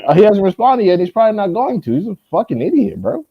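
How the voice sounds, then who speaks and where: A man's voice: high-pitched, lively intonation, fast talker, gravelly, breathy edge, dry recording, muffled recording. A man hosting a casual chat, telling stories with profanity and frequent laughs. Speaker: podcast host.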